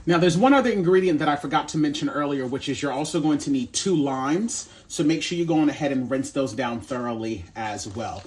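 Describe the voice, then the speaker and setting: A man's voice: on the high side, a little fast, few pauses. A man hosting his cooking channel, walking through a recipe in a casual, sassy, playful way and calling viewers baby and honey.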